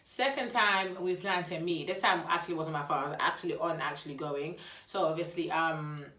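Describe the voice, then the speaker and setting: A woman's voice: deep voice, brisk. Chatty young woman, roomy echo. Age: young adult. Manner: chatty, animated retelling with quoted dialogue. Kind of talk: casual storytime vlog.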